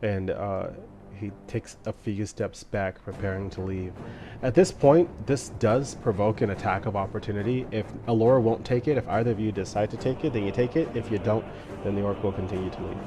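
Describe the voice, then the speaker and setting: A man running a tabletop game as game master, narrating in a relaxed, hesitant way with many fillers. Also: fairly low pitch, fairly quick, a little hiss or hum. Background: music.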